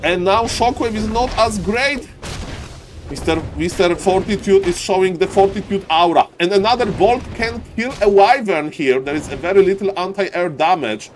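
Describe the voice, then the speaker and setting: High-voiced excitable male game caster. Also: normal speed, a little hiss or hum. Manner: excitable, keeps saying "ladies and gentlemen"; voice climbs high and loud in fights. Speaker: esports caster. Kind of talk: live game commentary.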